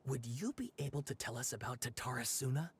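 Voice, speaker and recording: A man voicing a hesitant, earnest young male scholar in a video game, speaking with frequent pauses and fillers. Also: mid-range voice, expressive, a little hiss or hum, lightly acted. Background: game music.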